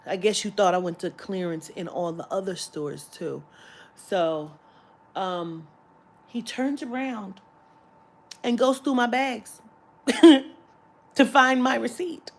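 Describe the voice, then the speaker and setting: A woman vlogger telling a story in an animated, profane, exasperated way, filmed on a phone in a shopping area. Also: mid-range voice, slow, pauses often. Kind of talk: storytime vlog.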